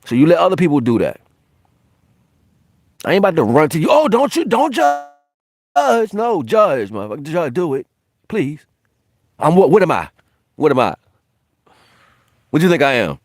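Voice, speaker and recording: A man's voice: a little high, big pitch swings, moderate pace, long pauses, a little mellow, dry recording, studio quality. A man hosting a spiritual livestream in a brash, profane, casual way, laughing often.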